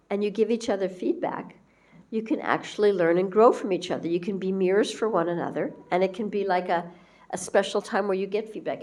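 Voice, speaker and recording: A woman spiritual teacher giving a gentle, conversational devotional talk and acting out quoted lines. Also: medium pitch.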